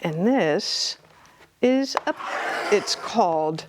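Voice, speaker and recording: Children's librarian, middle-aged woman, unhurried and lively storytime reader who drops to whispers. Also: fairly low pitch, noisy background. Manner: animated, slipping into hushed whispers and gasps. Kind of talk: reading a picture book aloud to children.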